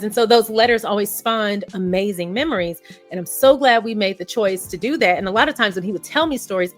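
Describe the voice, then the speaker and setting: A woman's voice: medium pitch, a bit bright. A woman vlogger giving casual, effusive reaction commentary, chatty and laughing often.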